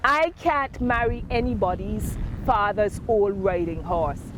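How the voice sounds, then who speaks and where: A woman's voice: mid-range voice, a little slow, background noise, close to an everyday voice. A woman voicing a proud young engaged lady who speaks primly and with indignation. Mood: indignant. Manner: prim and indignant.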